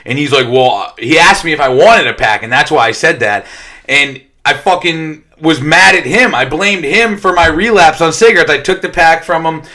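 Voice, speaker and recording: A man's voice: fairly high pitch, moderate pace, bright, forceful tone. A young man telling his own recovery story in a casual, blunt way, swearing constantly as he talks. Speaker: detox center worker sharing his recovery story.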